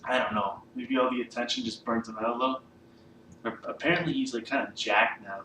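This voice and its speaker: A man's voice: mid-range voice, a little fast. Man, casual rambling monologue, lots of uh and swearing, echoey room. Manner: rambling, loose, swears often, many fillers. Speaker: vlogger ranking comedians. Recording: echoey room, mic at a distance, faint background hiss.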